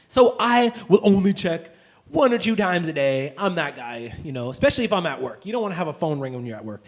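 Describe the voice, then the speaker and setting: A man doing a profane stand-up comedy rant, swinging between muttered asides and shouted outbursts. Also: fairly high pitch, very animated, a little fast.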